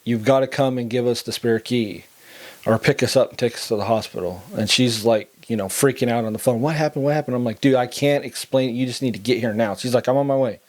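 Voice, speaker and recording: The middle-aged host relates his testimony on a podcast with earnest feeling, dramatizing what others told him. His delivery is a little fast, fairly even in intonation, medium in pitch and darkish in tone.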